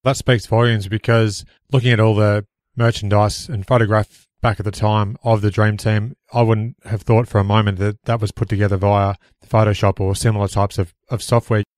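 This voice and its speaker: Low-voiced podcast host, dry close sound. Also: male voice, flat delivery, darkish tone, dry recording. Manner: measured, scripted phrasing. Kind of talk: prepared interview questions.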